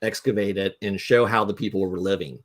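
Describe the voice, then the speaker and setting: A man's voice: on the low side, fairly even intonation, fairly quick. A man, a guest game designer, telling a rambling anecdote with lots of fillers on a casual live talk stream.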